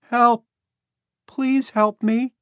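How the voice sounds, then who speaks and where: A man voicing a frightened eight-year-old boy lost in tall grass, calling out in high pleading cries. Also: little pitch movement, extremely slow, smooth, no echo, clean studio sound, heavily acted.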